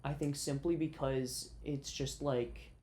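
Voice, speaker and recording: A man's voice: mid-range voice, fairly even intonation, slow pace, darkish tone. Rambling, profane male podcast co-host. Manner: rambling, profane, breaks into laughter. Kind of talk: casual podcast chat.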